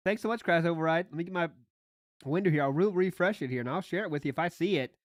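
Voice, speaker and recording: A woman's voice: fairly low pitch, no echo, clean studio sound. A woman hosting a podcast, sarcastically mocking a clip she is reacting to. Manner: sarcastic, teasing, quick to laugh. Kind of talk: mocking commentary.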